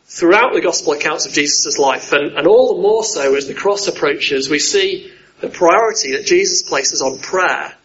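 A man preaches in a relaxed, conversational way, often turning to his listeners with questions. His voice sits a little high for a man. The recording sounds dull and lo-fi. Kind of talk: sermon.

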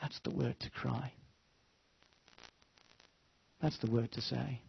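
A man preaching a sermon, rising to fervent pleas and dropping to hushed tones. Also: medium pitch, fairly even intonation, takes it slowly, vocal fry, lo-fi sound, slight background noise. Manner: impassioned, rises to fervent pleas then drops to hushed tones.

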